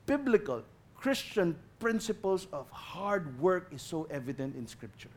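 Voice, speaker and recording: A Filipino man preaching with passion, his voice sitting a bit high. He jumps from loud, pressing emphasis to quiet asides and drops in Tagalog words. A faint low rumble hangs under the recording. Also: big pitch swings, measured pace. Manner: mixes in Tagalog phrases. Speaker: guest pastor. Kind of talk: sermon.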